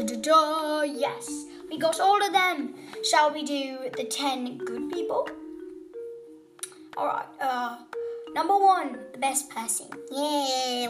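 A child playing a boastful, scatterbrained female witch villain in a fan role-play video, with music behind. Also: high voice. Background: background music.

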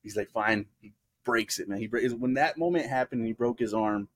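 A man's voice: mid-range voice, fairly quick, breathy edge, dry recording. A young adult man co-hosting a casual podcast, who tells stories with energy and acts out what people said. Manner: animated storyteller, acting out quotes. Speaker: podcast co-host. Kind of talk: casual chat.

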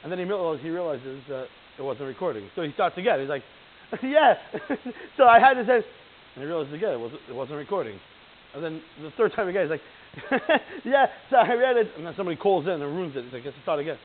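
Male Torah teacher, high and very animated, acts out quotes, heard over a tinny phone line. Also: fast talker. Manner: animated, acts out quoted voices, laughs often. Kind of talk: informal Torah class to a live group. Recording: tinny phone-line sound with faint hiss.

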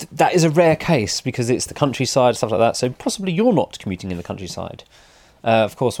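A man's voice: lowish voice, darkish tone, dry recording. A man, a motorcycle vlogger, telling a story in a casual, rambling and wry way, often correcting himself.

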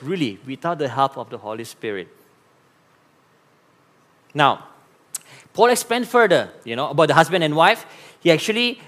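A man with a Malaysian English accent preaching a sermon as pastor, animated and often repeating key phrases. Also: on the high side.

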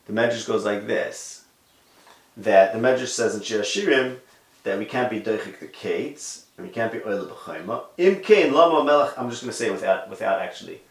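A man giving a conversational Torah lecture on a podcast, stressing some words loudly and dropping to quiet asides, with Hebrew and Yiddish terms mixed in. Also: lowish voice, roomy sound. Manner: emphatic, swings between loud stresses and quiet asides.

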